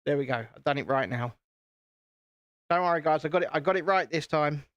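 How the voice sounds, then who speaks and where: A man's voice: a little high, brisk, fairly bright tone, dry recording, muffled recording. A British man hosting a casual live stream, chatting to viewers while he builds and poking fun at himself. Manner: chatty, self-deprecating, talks to viewers.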